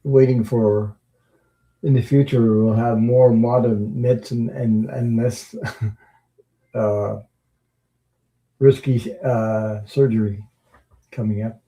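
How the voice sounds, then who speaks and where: A man hosting a tarot livestream, chatting casually with viewers in a rambling, halting way, with many fillers and chuckles. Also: mid-range voice, steady tone, mellow, low-quality recording. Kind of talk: casual livestream chat reading viewer comments.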